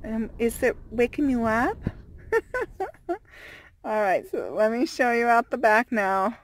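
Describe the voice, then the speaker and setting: A woman's voice: a little high, expressive, slow pace, no room sound. A woman vlogging from inside her van, chatting casually with frequent fillers and little laughs. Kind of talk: casual vlog chat.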